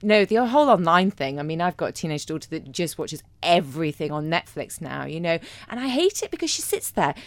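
A woman's voice: low voice, big pitch swings, brisk, few pauses, no echo. A woman, co-hosting a radio chat show with emphatic, teasing banter. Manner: emphatic, teasing, repeats herself. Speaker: radio co-presenter. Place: radio studio.

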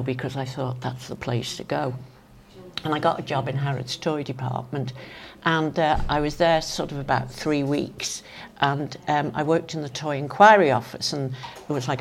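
An older woman with a Manx accent recounts old memories in a chatty, storytelling way. Her voice sits low. She talks in loose, lively asides, like a guest chatting easily. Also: gravelly, slight background noise. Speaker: interview guest. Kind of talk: casual reminiscing anecdotes.

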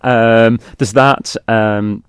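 A man's voice: on the low side, fairly even intonation, extremely slow, smooth, dry recording, studio quality. A middle-aged man, an actor guest, telling self-deprecating stories in a rambling, laughing way. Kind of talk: anecdotal podcast chat.

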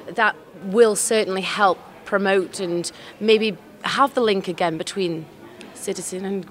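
A woman interviewing visitors, asking questions in a brisk, encouraging way. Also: mid-range voice, steady tone.

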